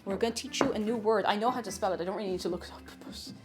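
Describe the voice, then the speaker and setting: A woman's voice: racing, faint music behind. A woman with an Irish accent, chatting playfully on a live stream while teaching an Irish word of the day. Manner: playful, bursts into high excited greetings to chat. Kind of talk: casual live-stream chat. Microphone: desk microphone.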